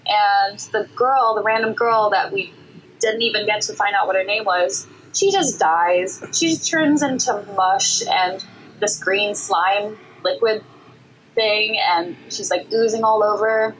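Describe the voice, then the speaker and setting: A young woman co-hosting a podcast, retelling a film in a casual, giggly way full of "like" and quick asides. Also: medium pitch, fairly bright tone, a little hiss or hum, poor audio. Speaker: podcast co-host. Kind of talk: casual chat recapping a film.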